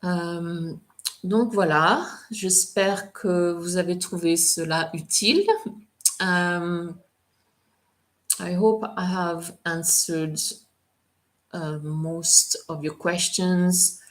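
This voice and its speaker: On a live stream, a woman tutors French in a relaxed Q&A, chatting with lots of fillers in a low, unhurried voice. She slows right down to spell out careful French examples.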